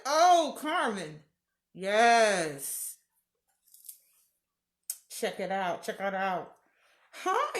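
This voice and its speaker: Playful woman hosting live chat. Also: high voice. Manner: playful, greets viewers by name, laughs often. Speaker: live stream host. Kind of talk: casual live stream chat with viewers. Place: room at home. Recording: echoey room.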